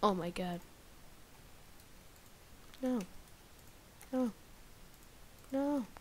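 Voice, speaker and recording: Indian woman gamer, slow talker, kinda high voice, mutters to herself then yells. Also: slight background noise. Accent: Indian English. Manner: excitable, mutters and whispers to herself between outbursts. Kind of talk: let's-play commentary.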